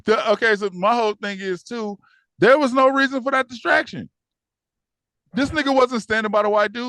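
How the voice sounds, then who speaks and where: Animated man recapping TV, dry sound. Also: fast, dry recording. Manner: animated, acts out characters in high voices. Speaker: podcast co-host. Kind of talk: casual TV recap chat.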